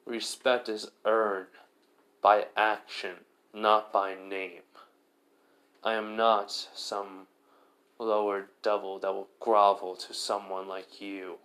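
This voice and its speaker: A smug young devil speaks slowly and calmly, with cold, dry mockery, as a man voices him in his own low register while telling a fan story. He is young, unbothered and sure of his power. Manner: calm, mocking and dry. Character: cool cocky young male devil, icy and unbothered.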